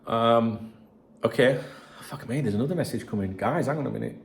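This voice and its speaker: A man's voice: mid-range voice, fairly quick, a little hiss or hum. A man hosting a football channel, reading out messages and chatting to viewers in a sweary, rambling way. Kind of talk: casual solo commentary reading messages.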